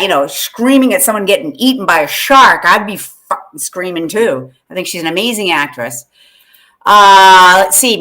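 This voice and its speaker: A woman hosts a loose, unscripted livestream at a mid-range pitch. She rambles with plenty of fillers and false starts and keeps turning to address her viewers by name. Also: bright, forceful tone. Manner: chatty, rambling, many fillers and restarts; talks back to chat by name. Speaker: host. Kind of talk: casual livestream chat.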